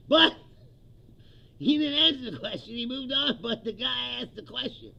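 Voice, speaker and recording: A man's voice: high-pitched, lively intonation, slow pace, creaky, long pauses, bright, forceful tone, lo-fi sound. A male comedian ranting about politics, profane and mocking, laughing often and acting out what others said. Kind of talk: stand-up style political rant.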